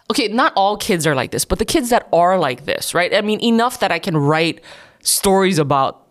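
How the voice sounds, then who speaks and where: A woman's voice: on the low side, animated, moderate pace. A woman with a mid-range voice that rises and falls a lot. She speaks earnestly and a little worried in casual podcast talk. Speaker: teacher and podcast co-host. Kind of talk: casual chat.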